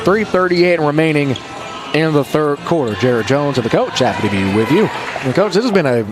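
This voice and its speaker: A man calls a high school basketball game play by play, his voice sitting a little high. He mixes quick calls of the action with easygoing jokes to his partner. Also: animated, music in the background. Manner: jokey, quick banter between calls. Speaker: play-by-play announcer. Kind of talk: sports commentary.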